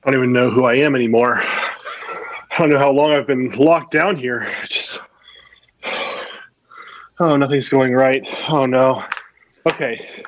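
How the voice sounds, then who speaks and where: A man's voice: mid-range voice, drawn-out words, pauses often, a little mellow, a little hiss or hum, poor audio. A man playing a panicked young man locked in a tomb in an improv scene, muttering frantic self-talk that turns into a mock-Shakespearean speech.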